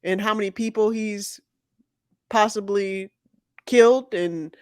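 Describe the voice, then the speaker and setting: A woman co-hosting a podcast in casual chat, talking slowly and haltingly with many restarts. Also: mid-range voice, fairly even intonation, darkish tone, dry recording, studio quality. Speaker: podcast co-host.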